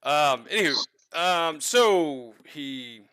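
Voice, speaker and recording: A man's voice: on the high side, lively intonation, slow, pushed and bright, smooth, no echo, clean studio sound. A tired man running a tabletop game as game master late at night, hesitant and full of fillers. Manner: hesitant, many fillers, self-deprecating. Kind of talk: narrating a tabletop game livestream.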